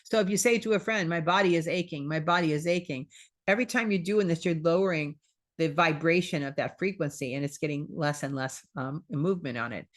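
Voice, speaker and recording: A woman's voice: low-pitched, a little fast. A woman hosting a spiritual wellness talk, chatting casually, repeating phrases and acting out quoted self-talk.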